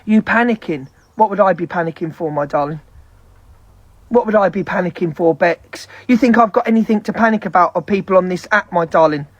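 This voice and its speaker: A woman's voice: lowish voice, dry recording, muffled recording. A woman on a live stream, venting in a heated, profane rant. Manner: heavy swearing, fast heated ranting.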